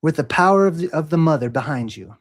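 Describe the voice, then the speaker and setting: A man's voice: on the high side, animated, fast. A man hosting a livestream, talking casually and mockingly challenging a troll in the chat. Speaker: livestream host.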